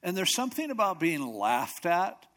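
A man preaching a sermon in a conversational, expressive way, often acting out what people say. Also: sits high, moderate pace. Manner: conversational, expressive, acts out quotes.

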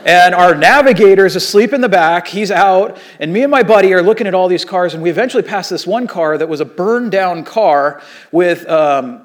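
A man in his thirties, an associate pastor, telling a story in a sermon in a casual, animated way with many fillers. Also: sits high, normal speed.

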